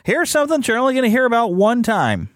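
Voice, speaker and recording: Man, podcast host, casual movie chat, lively pitch, dry close sound. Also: quick pace, no echo. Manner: chatty, frequent fillers and restarts, reading descriptions aloud. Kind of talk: casual movie news commentary.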